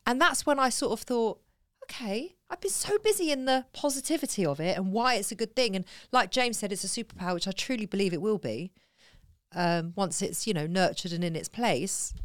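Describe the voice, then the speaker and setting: A woman's voice: mid-range voice, animated, brisk, no echo, studio quality. A woman co-hosting a casual podcast, speaking in an earnest, reflective and supportive way. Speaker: podcast co-host. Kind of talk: casual chat.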